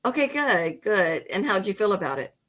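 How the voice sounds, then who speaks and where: A woman's voice: mid-range voice, sing-song, moderate pace, a bit bright. A woman hosting an interview over a video call, asking short questions and affirming answers. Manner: friendly, affirming, brief prompts. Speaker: host.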